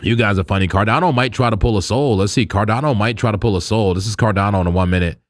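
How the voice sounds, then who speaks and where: A man's voice: on the low side, fast, no echo, clean studio sound. A man hosting a crypto trading livestream, chatting loosely with viewers in slang, repeating himself and laughing often. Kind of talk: casual live-stream chat with viewers.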